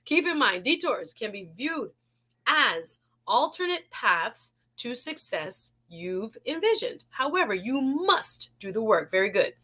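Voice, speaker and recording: Bright, exuberant woman show host. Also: on the high side, very animated, a little slow. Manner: exuberant, preachy, laughs often, talks to the chat. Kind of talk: live-stream chat reading viewer comments.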